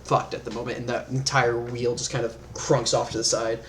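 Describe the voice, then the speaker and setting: A man's voice: mid-range voice, little pitch movement, a little fast, fairly bright tone. Man, Northern Midwestern accent, game master, casual, filler-heavy, faint hum behind. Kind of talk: narrating a tabletop game.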